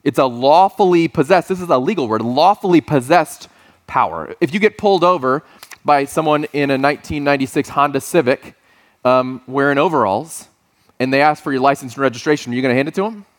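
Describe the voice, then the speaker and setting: A man's voice: medium pitch, a little fast. A man in his forties giving a sermon as a pastor, conversational and storytelling, with playful asides.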